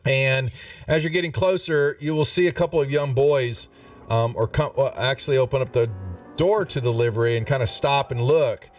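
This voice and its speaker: A man with a drawl runs a tabletop game, describing the scene in a relaxed way with plenty of ums and uhs. His voice is mid-pitched and picked up from a distance. Faint music plays behind him. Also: normal speed, dry recording. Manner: relaxed, many fillers. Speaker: game master.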